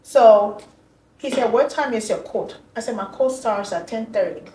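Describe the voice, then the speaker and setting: A woman telling a personal story as an interview guest, animated and acting out the voices she quotes. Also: a little high, normal speed. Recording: echoey room, far from mic.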